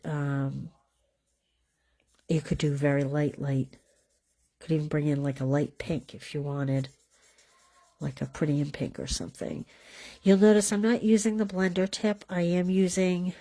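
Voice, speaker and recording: A woman with a lowish, mellow voice talks through a live craft class as she works at her table. She speaks in a loose, chatty way and often drifts off mid-sentence while she colors. The sound comes from a camera mic over her work table at home. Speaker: card-making class host. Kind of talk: casual live craft demonstration.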